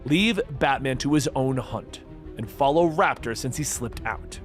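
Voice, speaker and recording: A man narrating a comic book story, reading out every character's lines in the same even voice. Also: medium pitch, measured pace, faint music behind.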